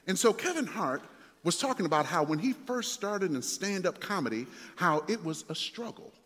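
A male pastor preaching a sermon, moving from relaxed storytelling to emphatic, building exhortation. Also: high-pitched, moderate pace, in a large hall.

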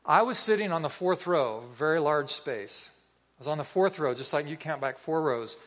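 A man preaching a sermon, telling a story in an earnest, vivid way with pauses. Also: a little high, lively intonation, a bit bright.

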